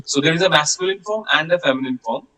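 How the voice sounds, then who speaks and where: Male teacher, bright, slightly high voice, online class, patient drills. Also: lively intonation, rough recording. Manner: patient, repeats words slowly for pronunciation. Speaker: French language teacher.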